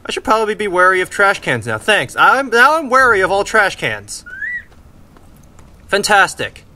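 Excitable, lively young man gaming. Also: sits high, moderate pace, slight background noise. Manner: excitable, swearing, yelling at the game. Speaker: let's play gamer. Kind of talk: gameplay commentary. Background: game music.

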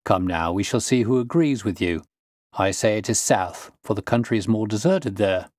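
A man's voice: fairly low pitch, animated, normal speed, darkish tone, no room sound, studio quality, lightly acted. A man doing a bluff, hearty police inspector.

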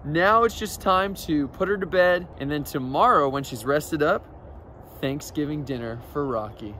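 A man's voice: a little high, normal speed, bright, forceful tone, slight background noise. A man vlogging casually with his pet, playful and cooing at it in baby talk.

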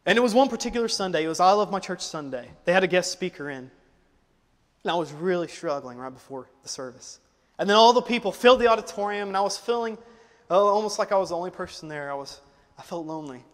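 A young man preaching a sermon, moving from loud, driving exhortation to quiet, emotional personal storytelling. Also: high-pitched, expressive, fast talker, in a large hall. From United States. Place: church auditorium.

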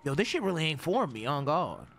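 A young man streaming a horror game, swearing, talking to his chat as "gang" and dropping to a hushed whisper when scared. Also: a little high, big pitch swings, a little fast, vocal fry, slight background noise. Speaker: gaming streamer. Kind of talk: live horror game commentary. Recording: game music audible behind.

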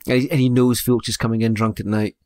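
A man's voice: medium pitch, little pitch movement, fast talker, dark tone, dry recording, clean studio sound. A man in his thirties co-hosting a casual horror film podcast, laid-back and joking with swearing. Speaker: podcast co-host. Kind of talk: casual film review chat.

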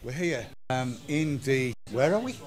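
A man's voice: mid-range voice, animated, a little slow. A man chatting and joking with people while holding a microphone in a pub. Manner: jokey, teasing, chatty. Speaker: roving interviewer at a meetup. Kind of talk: casual vox-pop chat. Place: busy pub. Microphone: handheld microphone. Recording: pub crowd chatter behind.

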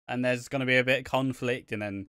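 A man's voice: mid-range voice, steady tone, fast talker, fairly bright tone, clean tone, no room sound, clean studio sound. A man co-hosting a podcast, chatting casually and swearing a lot as he recaps a soap, often acting out the characters' lines. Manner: sweary, laughing, acts out quotes in voices. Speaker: podcast co-host.

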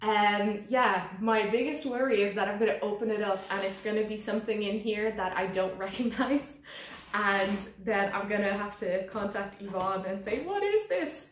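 A woman's voice: mid-range voice, normal speed, a little hiss or hum. Giddy woman in an echoey room. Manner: gushing and giddy, squealing with excitement. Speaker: plant vlogger. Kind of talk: casual unboxing vlog.

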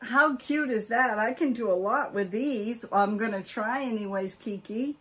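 With a slightly high, somewhat bright and husky voice at a measured pace, an older woman vlogger opens fan mail while chatting casually. She gushes throughout, with oohs, gasps and cries of delight.

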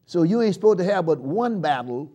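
A man preaching a live church sermon, swinging from loud shouts down to hushed murmurs and leading the congregation in call-and-response chants. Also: high voice, lively intonation, fairly quick. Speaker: pastor. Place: church sanctuary.

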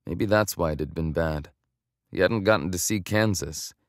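Low-voiced male audiobook narrator. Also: normal speed, dry recording, studio quality. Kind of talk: scripted romance narration.

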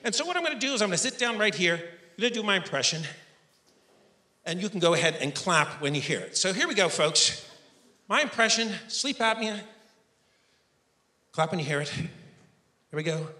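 Animated, self-mocking stand-up comedian man. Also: high voice, moderate pace, pauses often. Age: 50s. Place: stage before a live audience. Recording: echoey stage room with audience.

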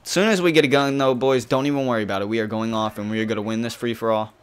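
A young man talks over his shooter match as a gaming host, explaining his setup in a mid-pitched, plain voice. He grows frustrated, swears sharply and insists he is keeping his cool. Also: rapid-fire, smooth. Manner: frustrated, swearing, swinging between calm and outbursts. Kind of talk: live gameplay commentary.

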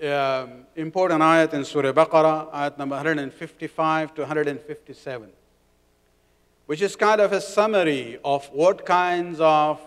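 A man giving an explanatory religious lecture in a community centre, with frequent restarts and Arabic terms woven into his talk. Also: a little high. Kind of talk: sermon. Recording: long hall reverb.

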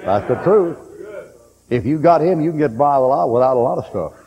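A man's voice: mid-range voice, lively intonation, fairly quick, dull audio. A man preaching a sermon in a folksy storytelling way, acting out the voices in his stories. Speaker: pastor. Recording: reverberant hall recording.

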